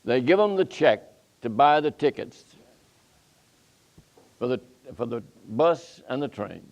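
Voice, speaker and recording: A man's voice: medium pitch, unhurried, highs cut off. Older man telling a story on a panel. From Nashville. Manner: animated storyteller, acting out quoted dialogue.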